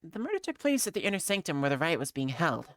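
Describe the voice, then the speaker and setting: A woman voicing an earnest young female investigator in a fan voice-over of a game, briskly explaining. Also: deep voice, sing-song, fairly bright tone, no room sound, clean studio sound, pitched below the performer's own voice.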